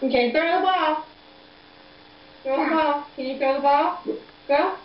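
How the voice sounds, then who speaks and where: A young mother coaxing her toddler in high sing-song baby talk over a video call, repeating simple prompts. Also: unhurried. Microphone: computer video call mic. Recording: dull echoey video-call audio, faint noise.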